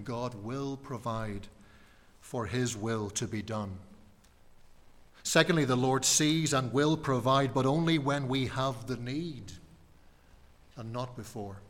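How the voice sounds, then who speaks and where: A man preaching a sermon in a measured, emphatic way, repeating key phrases and letting his voice fall quiet at the ends. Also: medium pitch, big-room sound.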